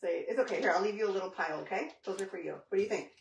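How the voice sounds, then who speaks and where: Talking very fast with vocal fry in a mid-range voice, a mother casually addresses her viewers and her child during a cooking vlog. She's in her home kitchen, and kitchen noise runs in the background.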